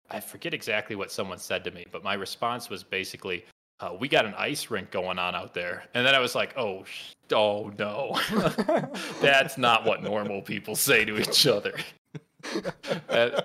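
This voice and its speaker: Low, bright-voiced man chatting casually. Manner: rambling, wry storyteller. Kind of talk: casual chat.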